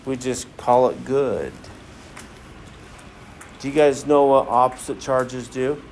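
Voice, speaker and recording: A man with a mid-range, darkish voice speaks slowly, with a little hiss or hum in the audio. He teaches a science class, running a classroom demonstration while joking and firing many questions at the students.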